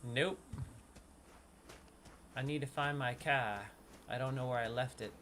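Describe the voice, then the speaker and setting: A man's voice: mid-range voice, lively intonation, unhurried, pauses often, pushed and bright, a little hiss or hum. A man with a New York accent hosting a gaming video, chatting casually and reading game text aloud. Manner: chatty, reads game lore aloud and muses on it. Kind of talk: casual gameplay commentary.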